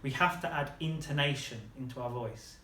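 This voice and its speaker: A man's voice: mid-range voice, moderate pace, sharp tone, echoey room, slight background noise. A man teaching a beginner language lesson, patiently modeling words and praising his student.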